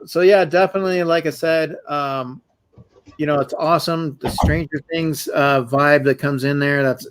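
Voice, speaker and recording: Male host, higher-pitched, rambling casual quiz-recap delivery. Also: fairly bright tone. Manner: rambling, lots of fillers, reading quiz answers. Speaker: show host. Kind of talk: casual live-stream chat.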